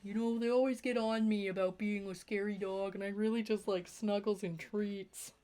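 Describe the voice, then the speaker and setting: A woman voicing a shy, insecure pet dog, talking slowly and sheepishly. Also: medium pitch, fairly even intonation, warm tone, natural voice.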